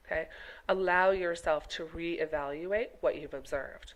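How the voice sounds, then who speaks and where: A woman's voice: fairly low pitch, moderate pace, rough recording. Emphatic woman ranting to camera. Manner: emphatic, scolding, rhetorical questions; repeated "okay?" and "right?" check-ins. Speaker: vlogger, health teacher. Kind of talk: to-camera rant vlog.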